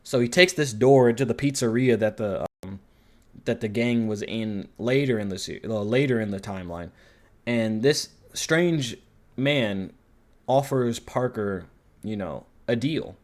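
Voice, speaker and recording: Male reviewer, casual and rambling, mid-pitched, swears a lot. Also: a little slow. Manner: rambling, profane, animated. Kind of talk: casual commentary.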